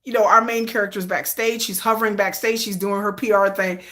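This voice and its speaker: A woman's voice: medium pitch, fairly even intonation, fairly quick, fairly bright tone. A woman hosting a live stream, chatting casually and rambling through her fan fiction with frequent restarts.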